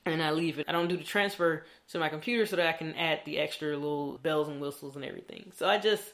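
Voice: mid-range voice, fast, fairly bright tone. Candid young vlogger, swearing freely. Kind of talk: casual diary vlog.

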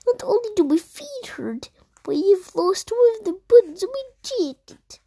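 A young child voicing a grumpy, fussy male toad in a read-aloud storybook, squeaky and wailing. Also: very animated, moderate pace, vocal fry, dark tone, no room sound, studio quality, exaggerated voice. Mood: fussy upset. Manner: squeaky, rising to shrill wails.

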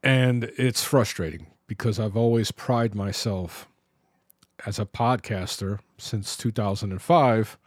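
A middle-aged man from New York hosts his own podcast in a slow, unhurried monologue. His voice sits fairly low and the sound is close and dry, with no room around it. He speaks reflectively, pausing and restarting his sentences. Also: dry recording. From New York, Bronx. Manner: halting, reflective, with pauses and restarts. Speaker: podcast host.

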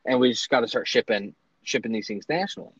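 A man, a small business owner, telling his story in casual, animated talk with lots of fillers and restarts. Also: mid-range voice, fast talker, breathy edge, no room sound. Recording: dry, slightly dull lo-fi sound.

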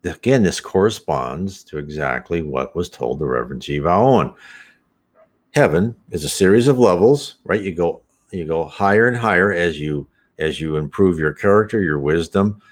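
Low-voiced man explaining spiritism earnestly. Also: moderate pace. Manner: earnest, explanatory, animated emphasis. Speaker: spiritism presenter. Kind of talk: conversational teaching monologue.

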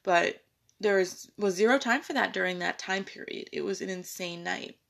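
A young woman recounts a story from her working life in a relaxed, conversational way. Her pitch climbs and swings as she acts out the people she quotes, which makes her telling lively. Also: normal speed, creaky. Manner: animated, acts out quoted dialogue. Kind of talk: casual storytelling.

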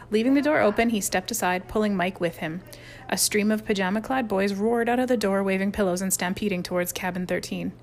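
A woman's voice: medium pitch, fairly quick, slight background noise. A woman narrating a children's chapter book aloud, reading expressively. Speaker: audiobook reader. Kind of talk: storybook narration.

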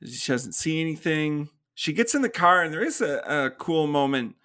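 Slightly high and sing-song, his voice is bright and forceful at a moderate pace. He's a podcast co-host in a casual film review, recounting the plot, performing characters' dialogue, and laughing often.

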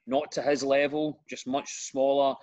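A middle-aged comedian and radio presenter with a Glasgow accent, chatting easily in a podcast interview and telling self-deprecating stories. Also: male voice, mid-range voice, flat delivery, moderate pace, darkish tone, muffled recording. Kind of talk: casual podcast chat.

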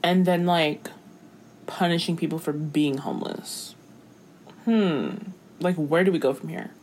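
A woman's voice: low-pitched, fairly even intonation, darkish tone, a little hiss or hum. Exasperated, emphatic young woman. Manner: exasperated, emphatic, quick to agree. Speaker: co-host. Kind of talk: casual chat.

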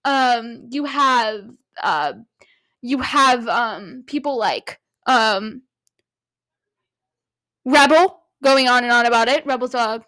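A woman's voice: on the high side, slow, pauses often, pushed and bright, no room sound. A young woman vlogger casually recapping a movie with many fillers, giggling and gushing like a fan. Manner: rambling, filler-heavy, giggly; gushing, fannish.

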